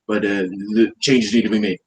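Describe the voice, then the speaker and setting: A man's voice: lowish voice, steady tone, brisk, slight background noise, natural voice, rough recording. A man doing a boastful politician impression. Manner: repeats phrases, sweeping boasts. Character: boastful older male politician, repetitive superlatives. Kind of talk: comedic impression.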